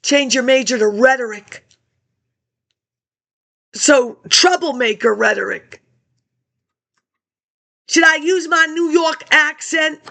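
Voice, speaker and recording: A woman's voice: high-pitched, slow, vocal fry, pauses often, bright, forceful tone. A woman rambling through old archive documents in a scattered monologue, answering herself in asides. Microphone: laptop webcam.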